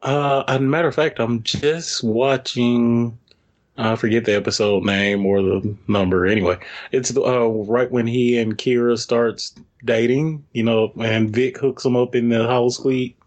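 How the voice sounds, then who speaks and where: A man co-hosting a fan podcast, relaxed and enthusiastic in casual chat. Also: mid-range voice, a little slow, dull audio. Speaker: podcast co-host.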